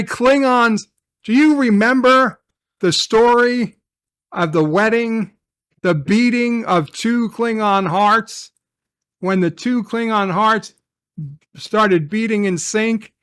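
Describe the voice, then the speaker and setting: Angry, profane man with a high voice. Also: a bit bright, dry recording, clean studio sound. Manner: angry, profane, swearing constantly. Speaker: TV reviewer. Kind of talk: ranting review reaction.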